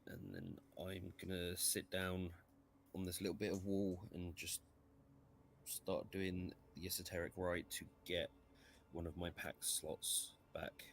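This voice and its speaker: A man playing a tabletop game, describing his character's actions in a quick, matter-of-fact way. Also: low voice, little pitch movement, slight background noise. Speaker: player. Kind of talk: casual tabletop play.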